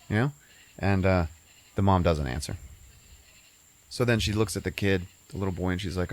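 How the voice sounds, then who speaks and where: A man's voice: low-pitched, a little fast. A man hosting a podcast, casually retelling a movie plot in a rambling, profane way full of fillers. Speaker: podcast host.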